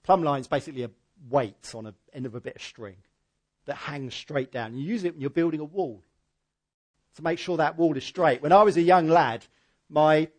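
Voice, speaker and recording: A man preaching a sermon in a conversational, emphatic way, with a husky voice. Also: fairly high pitch, normal speed.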